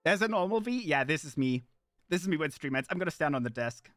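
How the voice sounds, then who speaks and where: A man streaming live in casual chat, playful and animated, jumping from excited squeals to low mutters. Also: fast, dry recording, faint music behind.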